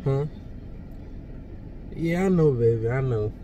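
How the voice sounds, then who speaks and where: A young man co-hosting a casual reaction video, talking softly and soothingly. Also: medium pitch, lively intonation, slow, highs cut off, a little hiss or hum. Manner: soft, soothing, repeatedly comforting. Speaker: reaction channel co-host.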